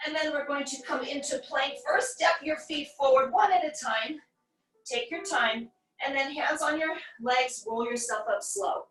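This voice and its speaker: Yoga teacher, woman in her forties, high bright voice, encouraging step-by-step cues, a bit winded, recorded from a distance in an echoey room. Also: normal speed. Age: 40s. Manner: encouraging, cueing breath and poses step by step. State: a little out of breath. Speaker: yoga instructor. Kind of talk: guided yoga class instruction.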